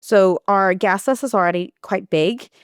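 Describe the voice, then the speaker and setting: A young woman talks through a story on her podcast, rambling and restarting as she goes. Her voice is smooth and clear, recorded close and dry. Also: mid-range voice, moderate pace, no echo. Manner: chatty, rambling, with frequent restarts and "like". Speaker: podcast host. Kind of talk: casual storytelling monologue.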